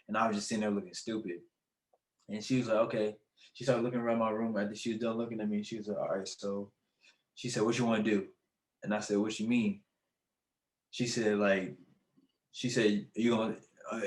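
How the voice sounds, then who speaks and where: A young adult man, a podcast guest, telling a personal story in casual, animated talk and laughing often. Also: medium pitch, reverberant.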